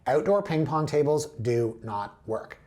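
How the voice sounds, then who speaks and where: A man's voice: a little high, animated, unhurried, a little mellow. A man hosting a real estate show, chatting casually through listings and drifting into playful tangents.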